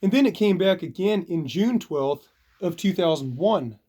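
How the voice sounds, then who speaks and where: Animated man telling a story. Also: sits high, normal speed. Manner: animated, acts out punches with sound effects. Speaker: video reviewer. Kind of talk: casual vlog storytelling.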